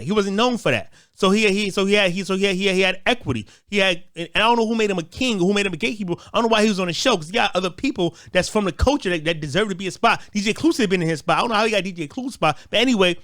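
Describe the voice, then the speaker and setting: A man rants in a high, fired-up voice, swearing freely and tripping over repeated words as he restarts his thoughts. The sound is dry and close, with no room around it. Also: expressive, racing, hardly any pauses, fairly bright tone, no room sound. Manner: repetitive stammering restarts, heated. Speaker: commentator. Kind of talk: profane ranting commentary.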